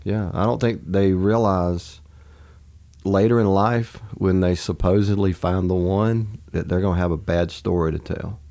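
Deep gravelly-voiced man, earnest. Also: steady tone, unhurried, dark tone. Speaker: pastor. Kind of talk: casual conversation.

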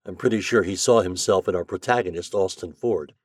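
A man's voice: low voice, a little fast, no room sound, clean studio sound. A man who hosts an audio fiction podcast and narrates classic stories in a friendly, conversational manner. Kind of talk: scripted narration.

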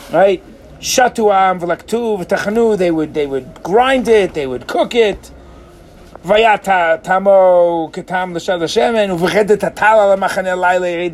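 Man, Torah teacher, high voice, very expressive swings, acts out characters, lively class. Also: a little hiss or hum. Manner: animated, acts out characters, mixes Hebrew phrases.

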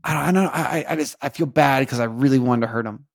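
A man hosting a podcast, talking in a rambling, halting way with many restarts and earnest, faith-minded reflection. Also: mid-range voice, gravelly, no echo, studio quality. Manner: rambling, halting, repeats words, keeps asking "you know what I mean". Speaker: podcast host. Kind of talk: casual confessional monologue.

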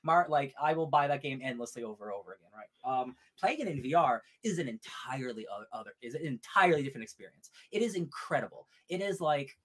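A man co-hosting a live-streamed podcast, chatting casually in an excitable, rambling way and laughing often. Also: mid-range voice, fast talker, hardly any pauses. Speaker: podcast co-host.

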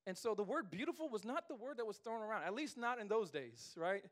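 A pastor in his thirties delivers a lively sermon, full of jokes and his own laughter. His voice sits high for a man, and he swings from quiet asides to loud punchlines. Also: quick pace. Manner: playful, animated preaching with laughter.

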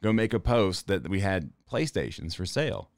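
A man with a fairly low voice tells rambling stories in casual podcast chat, swearing freely and often breaking into laughter. His voice is recorded close and dry, with no room sound around it. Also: sing-song, normal speed, no room sound. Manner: profane, storytelling, laughs often. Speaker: podcast co-host.

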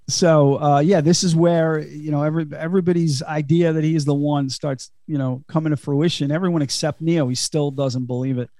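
A man's voice: a little high, steady tone, normal speed, dark tone, no room sound, studio quality. A man hosting a podcast, giving a casual, chatty film recap full of fillers and laughs. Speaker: podcast host.

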